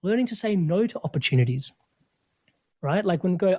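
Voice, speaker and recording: A man with a slightly high voice, talking as a podcast guest. He tells stories with energy and acts out the lines of other people. He uses a relaxed, conversational coaching tone. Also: a little fast, pauses often. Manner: energetic, animated storytelling with quoted dialogue.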